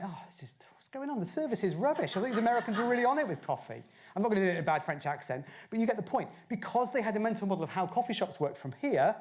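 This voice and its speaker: Fast-talking man giving a conference talk. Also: sits high. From Bristol, England. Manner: chatty, fires rhetorical questions at the audience. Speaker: conference speaker. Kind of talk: conference talk to a live audience. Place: conference stage.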